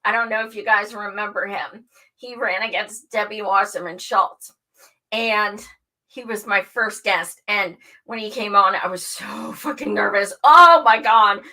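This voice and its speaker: A woman's voice: mid-range voice, unhurried, poor audio. A woman who hosts a show, telling her story in casual chat, candid and full of swearing. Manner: candid and profane, animated storytelling. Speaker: show host.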